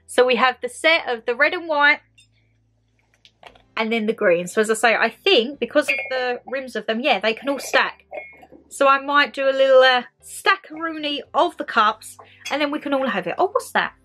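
A young British woman talks through a shopping haul for her viewers in a bright, slightly high voice. She is excitable and chatty and keeps calling her audience "guys". Faint background music plays under her voice. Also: normal speed. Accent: British English. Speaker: vlogger. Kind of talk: casual shopping haul vlog.

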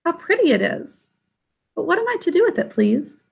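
High bright little princess voice, eager and breathless, as a lady reader puts her on. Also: sing-song, moderate pace, creaky, full character voice. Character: young princess girl, eager and sweet.

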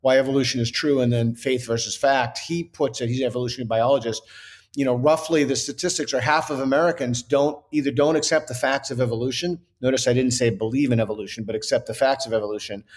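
A man's voice: mid-range voice, fairly even intonation, fast. A man who is a guest on an interview show, speaking earnestly and reasoning aloud with frequent restarts. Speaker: author and guest. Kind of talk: interview conversation.

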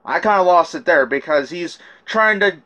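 A man's voice: high voice, animated, normal speed, pushed and bright. A man telling his side of a rap feud in a casual rant, swearing often and restarting his sentences. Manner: profane, rambling, with many restarts. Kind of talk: casual rant recounting messages.

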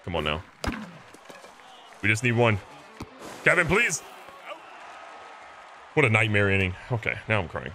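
A man giving casual, excitable gameplay commentary, joking at himself and talking to his players. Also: lowish voice, fairly quick, pauses often, music in the background, crowd noise. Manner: excitable, self-mocking, talks to the players. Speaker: gaming video host.

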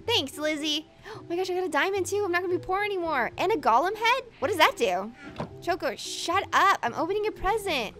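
A woman commenting on her game play in an excitable way, gasping and talking to her pets. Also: high voice, moderate pace, faint music behind. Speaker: gaming YouTuber.

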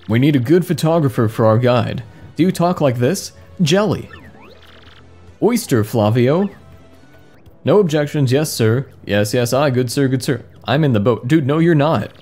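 A man with a mellow, warm voice at an ordinary pitch, reading game dialogue aloud and cracking dry, amused jokes about it. Faint game music plays under his voice. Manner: wry, amused, reads mistranslated lines with deadpan jokes. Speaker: gaming commentator. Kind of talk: comedic let's play commentary, reading game text aloud.

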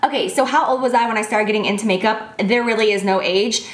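A fast-talking woman with a slightly high voice, in her twenties, gushes as she answers fan questions during a casual chat. The room is echoey, and she's bubbly, peppering everything with "like."

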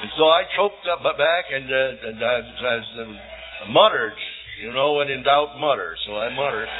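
A man's voice: medium pitch, moderate pace. A man around seventy preaching a sermon, telling homespun stories with self-deprecating humor and building to fervent appeals. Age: about 70. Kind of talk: sermon, folksy storytelling and exhortation. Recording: tinny phone-like archive sermon tape.

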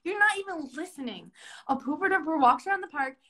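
A woman's voice: extremely high pitch, lively intonation, quick pace, sharp tone. A young woman hosting an improvised comedy sketch on a live stream, playing a chipper career orientation leader in a bubbly, mock-cheerful way.

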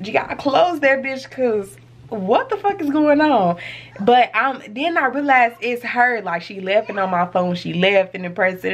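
Medium-pitched and animated, a woman vlogging from home launches into a casual story for the camera, throwing around lots of slang and curse words.

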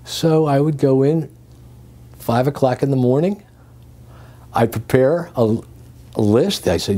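An older man from Greece, recounting his working life as an interview guest, with lively chuckling storytelling. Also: medium pitch, a little slow, long pauses.

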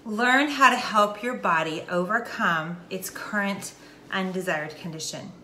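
A woman's voice: medium pitch, unhurried, bright, forceful tone. A middle-aged woman talking casually to her followers, emphatic and preachy, repeating her key points. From Texas. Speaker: wellness vlogger. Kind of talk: casual direct-to-camera talk. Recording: echoey room, faint noise.

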